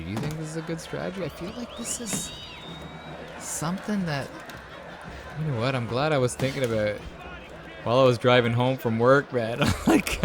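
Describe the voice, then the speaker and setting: An excitable man commentating his own gameplay, cheering at the screen one moment and going hushed the next. His voice sits at an ordinary middle pitch, with a noisy background under it. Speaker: host. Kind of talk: let's-play game commentary.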